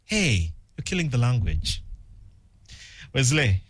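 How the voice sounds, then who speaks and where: A man's voice: medium pitch, takes it slowly, breathy edge, dry recording. A man from Uganda, hosting an afternoon radio show with playful, jokey patter and a live ad read. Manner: playful, jokey, lively delivery. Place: radio studio. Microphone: studio microphone.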